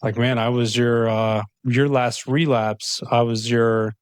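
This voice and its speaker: A man co-hosting a casual podcast in a studio, talking in a halting, loose way with frequent restarts. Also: medium pitch, level tone, clean tone, no echo. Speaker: podcast co-host. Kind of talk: casual chat.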